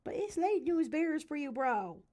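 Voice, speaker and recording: A young woman streamer chatting in a playful, slangy, giggly way. Her voice sits a little high and swoops around a lot, and she drawls her words slowly, with soft music in the background. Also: sing-song. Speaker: streamer drawing commissions. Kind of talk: casual livestream chat.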